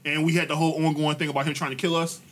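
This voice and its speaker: A man's voice: very fast, very noisy. A man in casual chat, telling family stories with a lot of profanity and slang, restarting his sentences and laughing through the punchlines. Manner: animated, laughs through his own stories, loud high bursts at punchlines. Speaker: podcast co-host telling a family story.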